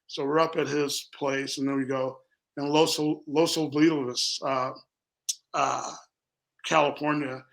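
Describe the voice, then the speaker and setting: Founder type, gravelly and bright, animated storyteller. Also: male voice, fairly high pitch, measured pace, poor audio. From Minnesota. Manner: animated, rambling, acts out quotes. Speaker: company founder. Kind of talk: storytelling in casual interview.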